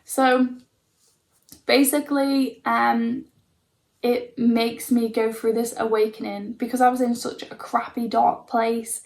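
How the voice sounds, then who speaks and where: A young woman tells her own story to camera in a loose, rambling way, filling gaps with likes and ums. Her voice sits a little high but barely moves in pitch. A gravelly vocal fry runs under her words. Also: flat delivery, slow.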